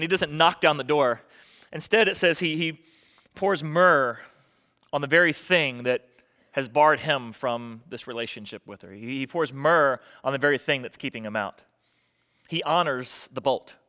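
A man's voice: fairly high pitch, sharp tone. A male pastor preaching a sermon, emphatic and repeating his key phrases for effect.

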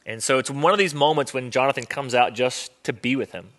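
A man's voice: mid-range voice, a little fast, fairly bright tone. A man preaching a sermon as pastor in a conversational, earnest way with wry humor.

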